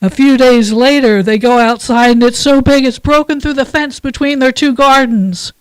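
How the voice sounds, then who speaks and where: A woman leading a church service, reading a passage aloud and then telling a children's story in a calm, measured way. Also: high voice, clean tone, no room sound, poor audio. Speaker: worship leader.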